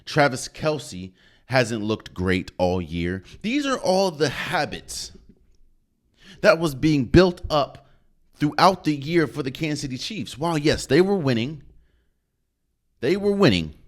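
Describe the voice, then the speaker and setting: Animated man talking football on a podcast. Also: fairly high pitch, slow. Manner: animated, emphatic, repeats phrases for effect. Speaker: podcast host. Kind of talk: solo sports commentary.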